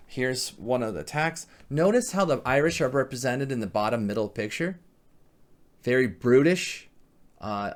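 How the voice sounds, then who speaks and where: A man giving a history lecture, often stopping to correct himself mid-word as he explains. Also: medium pitch. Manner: halting, frequent restarts and self-corrections. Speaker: history teacher.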